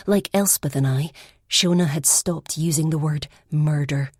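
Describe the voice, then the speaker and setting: A woman narrating a first-person mystery audiobook in a measured storytelling manner. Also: low voice, darkish tone, breathy edge, no echo, clean studio sound.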